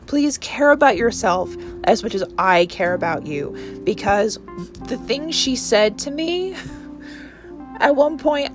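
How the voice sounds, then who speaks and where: A woman in her twenties hosting her own podcast, talking earnestly and emotionally in a rambling monologue full of restarts. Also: a little high. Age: 20s. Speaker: podcast host. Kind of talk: casual solo podcast monologue.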